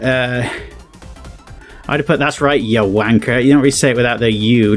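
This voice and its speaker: Brief: British YouTuber, casual and rambling, explains slang with frequent chuckles and restarts, faint music underneath. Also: male voice, mid-range voice, steady tone, moderate pace. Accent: British English. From Britain. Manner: rambling, chuckling, self-correcting. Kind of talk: casual reaction commentary.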